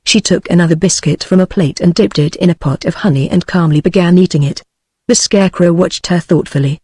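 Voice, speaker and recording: A text-to-speech woman's voice with a British accent, reading a book aloud in an even, unhurried way. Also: on the low side, breathy edge, no room sound, clean studio sound. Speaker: narrator. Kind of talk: audiobook reading.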